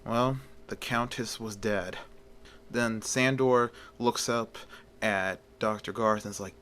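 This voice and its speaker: A man's voice: lowish voice, fairly even intonation, takes it slowly, fairly bright tone, a little hiss or hum. A man casually retelling a film story as a storyteller, chatty and plain, opening many sentences with "well".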